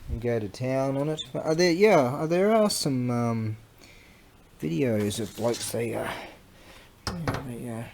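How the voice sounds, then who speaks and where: A man's voice: mid-range voice, expressive, unhurried, creaky, darkish tone, a little hiss or hum. A middle-aged man, chatting casually in a vlog and rambling as he loses his train of thought. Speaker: vlogger selling antiques.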